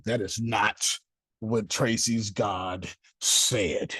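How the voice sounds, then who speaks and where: A man's voice: lowish voice, takes it slowly, breathy edge, dry recording. A man teaching a group class in a preachy, playful way, acting out little scenes, with speech. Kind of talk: animated group teaching talk.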